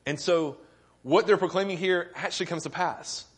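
A man's voice: sits high, normal speed, slightly rough. A man preaching a sermon as pastor, earnest and often asking the congregation questions, rising with emphasis at key points.

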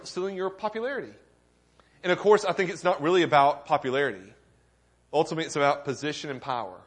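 Male pastor, slightly high voice, earnest sermon delivery, asks the congregation questions and builds emphasis.

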